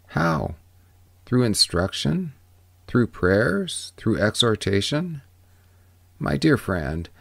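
Wise old ferryman, read by a man: audiobook, calm questioning, low and gravelly. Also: no echo. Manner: measured, gentle questioning. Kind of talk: audiobook reading.

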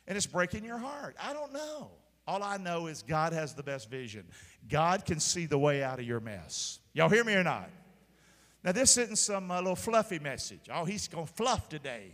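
A man's voice: sits high, fairly bright tone. A man preaching a sermon in a large church, emphatic and constantly asking the congregation if they hear him. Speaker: pastor. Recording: live church hall with long reverb.

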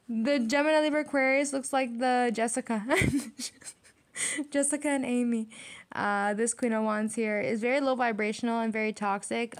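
A young adult woman giving a casual tarot reading in a blunt, slangy way, often breaking into laughter. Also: a little high. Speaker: tarot reader.

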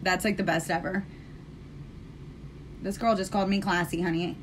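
A woman's voice: lowish voice, steady tone, moderate pace, slight background noise. An American woman hosting a casual live stream while doing her makeup, chatting sassily with her viewers. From United States. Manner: chatty, sassy, talks straight to viewers.

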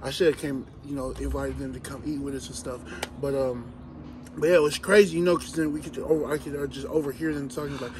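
A man, a professional wrestler, telling stories in casual chat, animated and laughing as he acts out what others said. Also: mid-range voice, quick pace, background noise. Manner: animated, laughing storyteller acting out others' voices. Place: outdoors, hot day.

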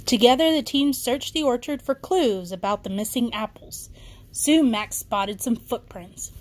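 A woman's voice: on the high side, unhurried. A woman reading a children's bedtime story aloud, with occasional small slips and restarts.

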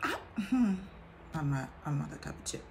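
Lively, gravelly-voiced woman talking candidly. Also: low-pitched, normal speed, a little hiss or hum. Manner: candid and chatty, acts out bits of talk, drops to a whisper for asides. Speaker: vlogger sharing her testimony. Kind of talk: casual personal testimony.

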